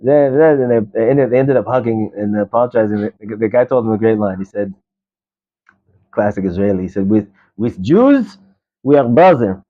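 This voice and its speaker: A man's voice: fairly low pitch, steady tone, brisk. A man teaching an informal Torah class, chatty and digressive, telling stories with many restarts. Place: study hall classroom. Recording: tinny phone-like live stream audio.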